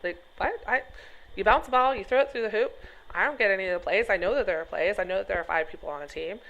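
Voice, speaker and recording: A woman's voice: medium pitch, fast, fairly bright tone, lo-fi sound. A middle-aged woman and health teacher ranting to camera in a vlog, scolding and emphatic, with frequent "okay?" and "right?" check-ins. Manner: emphatic, scolding, rhetorical questions.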